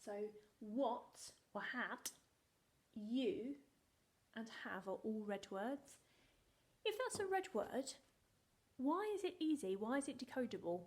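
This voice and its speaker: Woman, phonics teacher, higher voice, unhurried, sounds out letters, drops to whispers. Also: sing-song. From England. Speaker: primary school teacher. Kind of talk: phonics lesson for young children.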